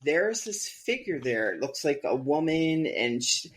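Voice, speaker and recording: A woman with a lowish voice that moves up and down a lot, chatting with friends on a podcast. She tells stories with energy and acts out the people she quotes. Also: sing-song, a little slow, husky. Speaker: podcast co-host. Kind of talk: casual chat.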